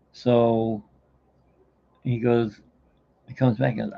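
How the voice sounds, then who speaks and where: Gravelly middle-aged man, rambling host. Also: mid-range voice, little pitch movement, slow pace, long pauses, phone-quality sound. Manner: rambling, self-mocking joke-telling. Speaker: live-stream host. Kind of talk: casual live-stream chat.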